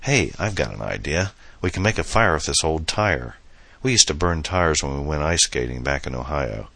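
A man's voice: rumbling low, lively intonation, normal speed, creaky, a bit bright, no room sound, heavily acted. A man playing a playful, boastful young man who jokes with his date, in a storybook reading. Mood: joking. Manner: playful, mock-grand.

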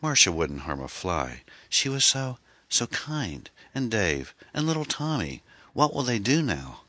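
A man's voice: lively intonation, a little fast, a bit bright, dry recording. A man voicing a grieving middle-aged woman, tearful and pleading, in an audiobook reading. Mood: tearful grief. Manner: tearful, pleading, raised pitch.

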